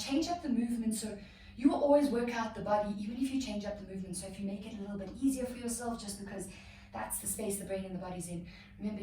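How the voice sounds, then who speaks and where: A woman's voice: mid-range voice, mellow, slight background noise. Breathless female yoga instructor, encouraging, counts reps; very echoey room, distant mic. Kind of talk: guided workout instruction.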